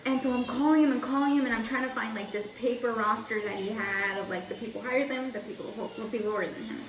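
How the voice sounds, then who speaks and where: Young woman vlogger, fairly high voice, chatty rambling storyteller; roomy echo, mic set back from her. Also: quick pace, slight background noise. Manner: chatty, rambling, heavy use of "like". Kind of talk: casual storytelling. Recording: echoey room, mic at a distance.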